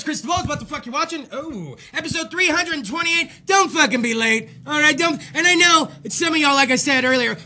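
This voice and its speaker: A man with a very high, bright, forceful voice hosts a casual podcast, cursing freely and rambling as he tells stories. He sounds a little short of breath. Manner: profane, rambling storytelling with laughs. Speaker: podcast host. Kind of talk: casual chat.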